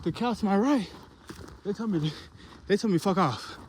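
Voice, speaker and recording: Young guy filming himself outdoors on a hunt, winded, loose slangy rambling, slightly high voice, faint noise. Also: expressive, moderate pace. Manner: rambling, slangy, talks to camera while hiking. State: out of breath. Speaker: hunting vlogger. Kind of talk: casual outdoor vlog. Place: outdoors on a mountain hike.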